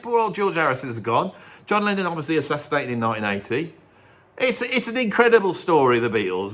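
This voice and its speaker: A man presenting a music video in an animated, rambling storytelling monologue. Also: high-pitched. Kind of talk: casual monologue.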